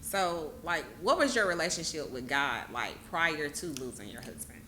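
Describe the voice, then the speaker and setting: Low voice woman w/ aave hosting, lots of mm-hmms, bit of hiss behind. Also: expressive, normal speed, pushed and bright. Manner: affirming, finishes the guest's sentences. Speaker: podcast host. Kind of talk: casual interview.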